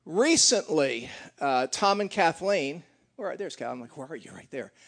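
A man's voice: a little high, expressive, measured pace, fairly bright tone. A middle-aged man leading a church gathering, joking and teasing his congregation in a casual, chatty way.

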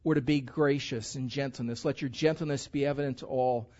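A man's voice: mid-range voice, steady tone, fairly quick, a little mellow. A male pastor preaching a conversational sermon and building up emphasis on key words. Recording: dull lo-fi recording.

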